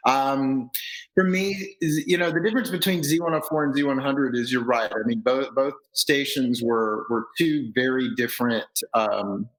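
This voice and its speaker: A man's voice: medium pitch, normal speed, low-quality recording. Thoughtful man searching for words. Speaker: guest, radio marketing veteran. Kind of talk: casual conversation.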